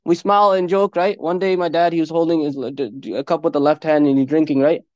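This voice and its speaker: A man giving an informal sermon at a brisk clip, earnest and chatty, his talk full of Arabic religious phrases. His voice sits a bit high. The recording is dry and dull, like lo-fi audio. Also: flat delivery, smooth, no room sound. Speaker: Islamic preacher.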